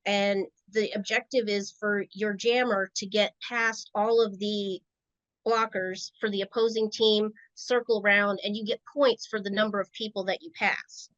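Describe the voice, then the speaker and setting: A woman's voice: medium pitch, steady tone, moderate pace, fairly bright tone, no room sound. A woman from Rhode Island, a podcast guest, telling stories in a chatty, casual way. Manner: chatty, storytelling. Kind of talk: casual interview chat. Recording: dry, dull lo-fi sound.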